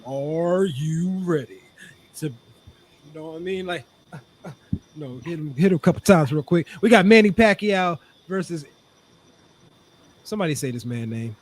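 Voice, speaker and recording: A man's voice: on the high side, fairly quick, pauses often. A man hosting a casual sports podcast, hyped and profane as he polls his co-hosts. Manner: animated, hype, profane. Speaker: podcast host.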